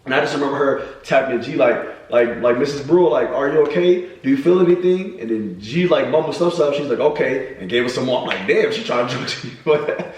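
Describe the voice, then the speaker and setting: Young guy telling the story quick, lots of slang, room's super echoey. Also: medium pitch. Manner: fast, slangy, animated storytelling. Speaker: vlogger, new father. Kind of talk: storytime chat. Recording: echoey room, mic at a distance.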